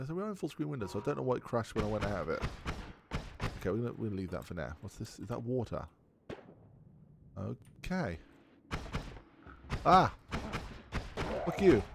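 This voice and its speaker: A man giving casual let's play commentary while thinking aloud, excitable and swearing often. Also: fairly low pitch, creaky, a little hiss or hum. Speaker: gaming video creator.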